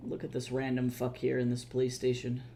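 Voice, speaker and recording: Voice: medium pitch, completely flat delivery, brisk, dark tone, a little hiss or hum. A streamer chatting casually and rambling, swearing freely, tired from too little sleep. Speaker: livestreamer. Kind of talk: casual livestream chat.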